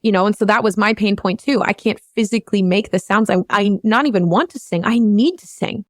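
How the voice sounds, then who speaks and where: A woman's voice: mid-range voice, brisk, no room sound, studio quality. A woman vocal coach hosting a podcast, talking in a rambling, earnest and emotionally open way. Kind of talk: candid podcast conversation.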